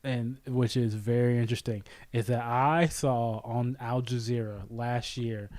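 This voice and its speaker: A man's voice: mid-range voice, flat delivery, a little slow, a little mellow. A man co-hosting a history podcast, joking crudely and laughing often. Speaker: podcast co-host. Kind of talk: casual podcast banter.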